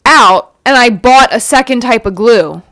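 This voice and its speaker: A woman's voice: a little high, measured pace, fairly bright tone. A woman co-hosting a podcast, chiming in bluntly during casual chat. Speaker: podcast co-host.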